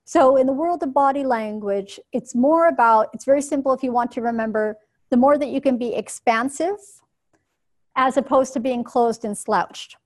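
A woman giving a workshop talk to a live audience in a clear, instructive, measured way. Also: high voice. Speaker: workshop presenter.

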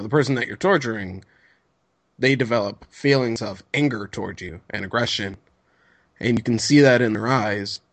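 Low-voiced wry podcast co-host man. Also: dry recording. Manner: relaxed, wry, crude humor. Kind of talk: casual chat about an anime.

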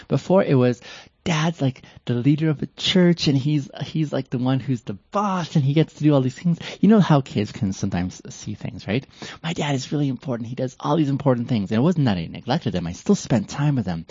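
A man's voice: on the low side, darkish tone, no echo. A man in his late thirties to forties, a former church leader, giving a heartfelt, reflective live-stream talk to his followers and often circling back mid-sentence. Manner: earnest and heartfelt, with repeated restarts. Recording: dull lo-fi, dry sound.

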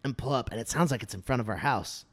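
A young man in casual chat, telling a story in an animated way, swearing and laughing often. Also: mid-range voice, quick pace.

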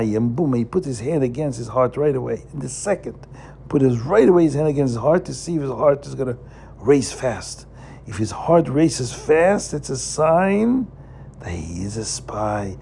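A man tells a story to children in a lively, animated way. He stops often to ask his listeners questions and to repeat key words. His voice is mellow, with some gravelly fry and faint background noise. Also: medium pitch. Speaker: teacher telling a story to children. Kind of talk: storytelling lesson.

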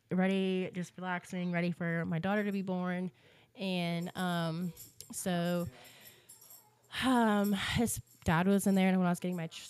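A young woman on a casual podcast, recounting her experience in a chatty, animated way. Her voice sits a little low, and she fills her talk with "like" and "um". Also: clear, resonant tone. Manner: chatty, animated retelling with many "like"s. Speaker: podcast co-host. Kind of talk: casual storytelling chat.

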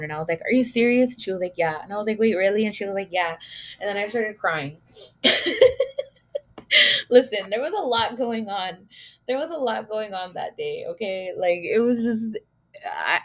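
A woman's voice: on the low side, a little mellow. A young woman hosting her own podcast, rambling through a casual story with lots of filler words and swearing. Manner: rambling, heavy use of "like", swearing, laughing at herself. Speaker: podcast host.

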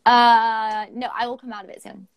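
A woman's voice: on the high side, moderate pace. Bubbly, giggly young woman on a video call. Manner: giggly, swears freely, animated. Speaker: poetry show co-host. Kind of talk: casual chat.

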